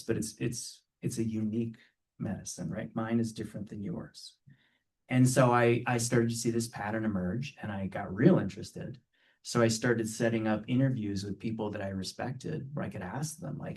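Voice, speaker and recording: A man's voice: lowish voice, fairly even intonation, brisk, darkish tone, far from the mic. A man giving a conversational spiritual talk to a live audience, playful and earnest, often checking in with a rhetorical "right?".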